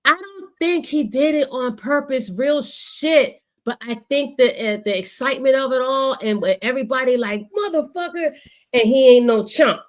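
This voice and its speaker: A woman co-hosting a sports podcast in casual chat, animated and profane, acting out what players said. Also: sits high, moderate pace, hardly any pauses. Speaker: podcast co-host.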